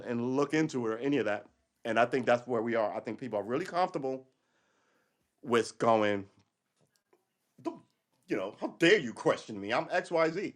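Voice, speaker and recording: A middle-aged man, a retired police officer who hosts a casual livestream and talks bluntly, swears freely and often laughs. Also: lowish voice. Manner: blunt, profane, laughs often, restarts a lot.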